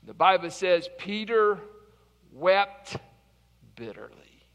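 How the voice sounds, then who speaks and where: A male pastor preaching a morning sermon in a dramatic storytelling style, swinging between loud and hushed. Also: high-pitched, sing-song, slow, big-room sound. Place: church service, live streamed.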